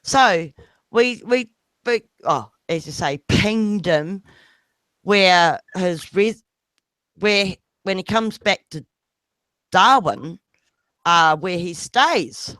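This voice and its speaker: A man's voice: high-pitched, lively intonation, drawn-out words, pauses often, sharp tone, no echo, clean studio sound. A man rambling a story in a casual group voice chat, swearing freely and apologizing. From New Zealand.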